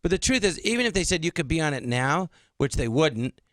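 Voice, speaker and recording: A man's voice: fairly high pitch, a little fast, dry recording. A middle-aged man, a comedian guest in a radio interview, telling stories animatedly and acting out what others said. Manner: animated, acts out quoted dialogue. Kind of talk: casual interview storytelling.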